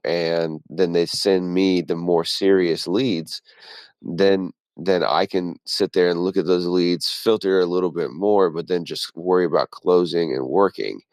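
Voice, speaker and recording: Chill guy rambling about work, swears a lot, super low smooth voice. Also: a little mellow, no room sound. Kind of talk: casual chat.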